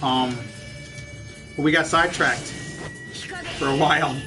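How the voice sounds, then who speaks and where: A man's voice: fairly high pitch, fairly even intonation, a little slow. A man hosting a let's play, chatting casually with viewers in a profane, ranting way and laughing often. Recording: distant mic with game music behind.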